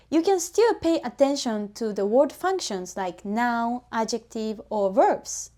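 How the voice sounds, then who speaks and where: Woman teacher, fairly high, mellow voice, patient step-by-step explainer. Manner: patient, methodical explaining with spoken examples. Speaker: language teacher.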